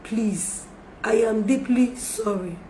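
This woman has a fairly high, warm voice and takes her time as she makes an emotional appeal on a live stream. As a livestreamer publicly apologizing, she pleads and keeps repeating her apologies and requests for forgiveness, in an echoey room with faint background noise.

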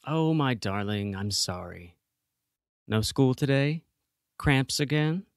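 A man's voice: medium pitch, lively intonation, slow pace, dry recording, clean studio sound, voice pushed up. A man putting on a cold, coaxing mother. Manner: syrupy, coaxing, calls everyone darling. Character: manipulative, cold middle-aged mother, woman.

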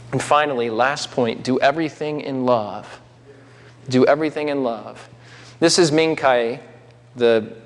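A man preaching a sermon in a conversational way, with asides to the congregation. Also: mid-range voice. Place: church sanctuary. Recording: long hall reverb.

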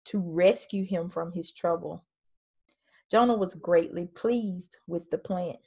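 A woman's voice: fairly low pitch, darkish tone. A woman teaching a casual Bible study at home, talking in a conversational, emphatic way and reading scripture aloud.

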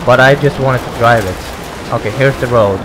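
A young man, giving excitable let's play commentary, exclaiming, swearing and rambling. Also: mid-range voice, normal speed, background noise. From Sweden. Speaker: gaming YouTuber. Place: home gaming setup, no face cam. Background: racing game music and engine sounds.

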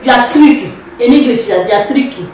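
A woman's voice: on the high side, lively intonation, fast talker, darkish tone, far from the mic, slight background noise. A woman with a Nigerian accent, chatting and teasing in a casual family vlog, laughing often. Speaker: vlog host, mother. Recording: echoey room, off-mic.

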